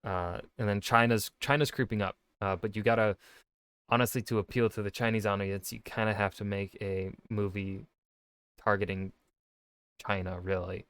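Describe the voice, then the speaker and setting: A man's voice: lowish voice, little pitch movement, moderate pace, fairly bright tone, clear, resonant tone, no room sound. A man, an author, giving casual reaction commentary, rambling with many fillers and restarts. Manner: rambling, lots of fillers and self-corrections.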